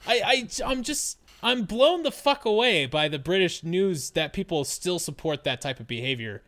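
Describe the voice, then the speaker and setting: A man's voice: high voice, lively intonation, normal speed, a bit bright. A man co-hosting a podcast in casual chat, ranting in an exasperated way and swearing freely. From United States. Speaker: podcast co-host.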